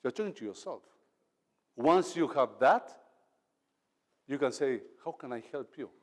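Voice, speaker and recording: A man's voice: medium pitch, animated, measured pace, darkish tone. Man speaking in a reverberant hall. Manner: emphatic, acts out quoted lines. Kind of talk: motivational talk on leadership. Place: event hall.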